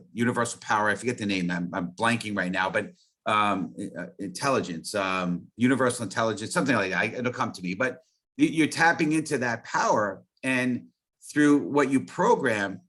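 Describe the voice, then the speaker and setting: A man's voice: medium pitch, fairly bright tone. Earnest rambling man. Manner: earnest, rambling, many restarts. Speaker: guest. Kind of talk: casual interview chat.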